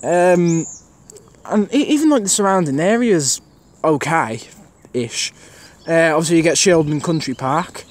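A man's voice: fairly high pitch, animated, measured pace. A man filming trains on an outdoor station platform, giving a rambling, casual commentary full of fillers to his camera mic. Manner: chatty, rambling, thinks aloud with many fillers.

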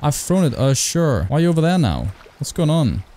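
A man's voice: a little high, very animated, fairly quick, dark tone. A man doing let's play commentary on a horror game, reading its dialogue aloud and swearing back at its characters. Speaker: gaming YouTuber.

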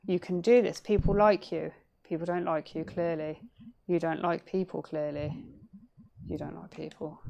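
A woman's voice: on the low side, a little mellow, slight background noise, lightly acted. A woman reading as a sardonic young cat girl. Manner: dry, self-mocking, muttering. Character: sardonic young adult female cat, gloomy dropout.

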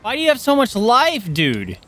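This man speaks at a moderate pace in an extremely high pitch while commenting live on a game he's streaming. Excitable, he yelps and swears at the enemies, and he's chatty with his audience, thanking viewers by name.

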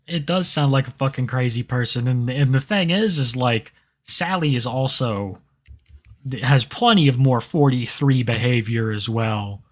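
A man's voice: medium pitch, measured pace. A man co-hosting a podcast in casual chat, laid-back and agreeable, with some swearing. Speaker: podcast co-host.

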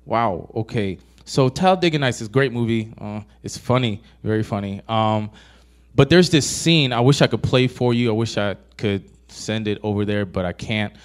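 A man's voice: lowish voice, moderate pace. A man preaching a casual, conversational sermon to a young adult group, asking the audience questions and retelling film scenes. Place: church hall.

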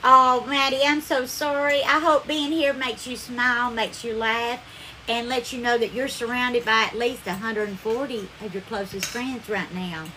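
This is casual live-stream chatter mixed with a cooking demo: a woman with a Southern accent gushes to her audience, calling them darling and thanking each by name. She speaks at a normal speed in a sharp, fairly even voice on the high side, and there's a little background noise.

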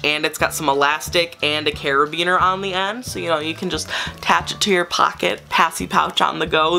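Woman doing an unboxing vlog, super gushy and excitable, bright lowish voice, faint music in the back. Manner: gushing and excitable, with many exclamations. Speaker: vlogger.

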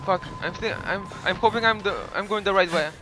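A man's voice: sits high, fairly quick, over music. A man commentating his own horror game playthrough, swearing often and breaking into panicked outbursts. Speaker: gaming channel host. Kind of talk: horror let's play commentary.

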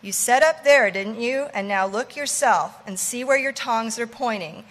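A woman voicing a brash male ship's mate who teases and commands loudly. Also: fairly high pitch, normal speed, big-room sound. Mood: bossy teasing. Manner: loud, teasing, commanding.

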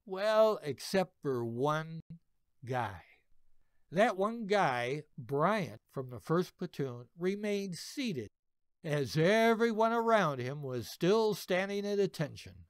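A man in his seventies, a veteran narrating a personal army story in a slow, expressive way. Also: on the high side, dry recording, studio quality. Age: 70s. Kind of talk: reading a personal war story.

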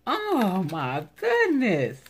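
A woman's voice: medium pitch, wildly swooping pitch, drawn-out words, breathy edge. A woman vlogger chatting casually while opening craft mail, gushing and exclaiming over each piece. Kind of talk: casual unboxing chat.

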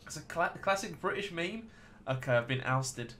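A man's voice: on the high side, expressive, moderate pace, a bit bright, a little hiss or hum. An American man streaming a game live, chatting casually and rambling to his viewers. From United States.

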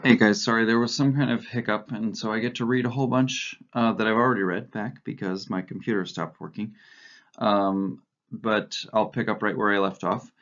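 A man's voice: fairly low pitch, steady tone, moderate pace, fairly bright tone, muffled recording. A male teacher reading a novel aloud to students, often stumbling and correcting himself. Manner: frequent stumbles and self-corrections.

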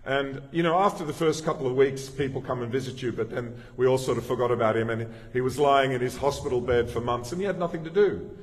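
Talking quickly with few pauses, a middle-aged pastor gives a storytelling sermon in a medium-pitched voice. His style is conversational, with many restarted sentences, and the church hall adds a long, lingering reverb.

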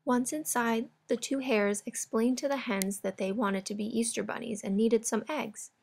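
A woman narrating a children's storybook in a calm, clear way. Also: a little high, moderate pace.

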